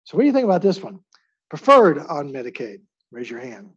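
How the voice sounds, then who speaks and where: A man's voice: fairly high pitch, huge pitch swings, fairly quick, a bit bright, breathy edge, dull audio. A man lecturing on drugs to a live class in a chatty way, asking the audience to vote by raising their hands. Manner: chatty, asks the audience for hand votes. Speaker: pharmacy lecturer.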